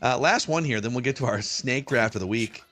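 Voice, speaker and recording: A man's voice: medium pitch, brisk, faint music behind. A man hosting a sports podcast, reading listener mail aloud and chatting casually, often laughing as he reads. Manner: animated, laughs while reading. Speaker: podcast host.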